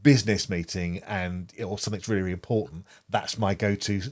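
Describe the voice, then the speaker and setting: Man, fairly low voice, middle-aged, earnest co-host chat. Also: fairly even intonation, fairly quick. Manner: earnest, repeats words as he thinks. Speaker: podcast co-host. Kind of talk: casual conversational chat.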